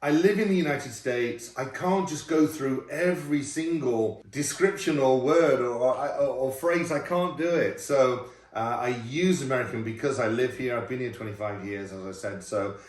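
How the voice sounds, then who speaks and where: A man's voice: medium pitch, moderate pace, few pauses. A middle-aged man, a former royal chef, chatting through viewer questions in a laughing, self-deprecating way. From United Kingdom. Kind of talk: casual Q&A chat. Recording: roomy sound from a distant mic.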